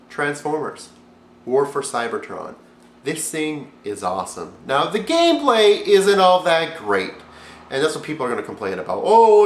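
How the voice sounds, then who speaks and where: A man giving a profane, sarcastic comedy rant as a video reviewer, swinging from loud outbursts to low mumbles. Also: roomy sound.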